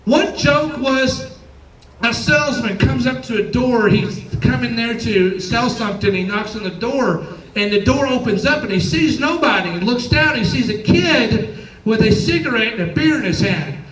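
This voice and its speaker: A man's voice: very high-pitched, expressive, moderate pace, a bit bright, reverberant, far from the mic, low-quality recording. A man doing a stand-up comedy set, telling chatty stories and acting out quoted voices. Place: comedy club stage.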